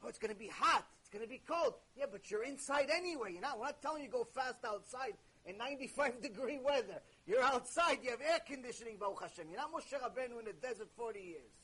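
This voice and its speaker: A man teaching a religious ethics lecture in an animated, conversational way. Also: very high-pitched, quick pace, few pauses, husky, poor audio. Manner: animated, conversational, with sudden jokes.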